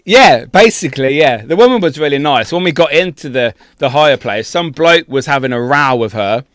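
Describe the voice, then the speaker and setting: Sweary, animated podcast guy. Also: on the high side, moderate pace, no room sound, clean studio sound. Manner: sweary, laughing, animated storyteller. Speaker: podcast co-host. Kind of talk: casual storytelling chat.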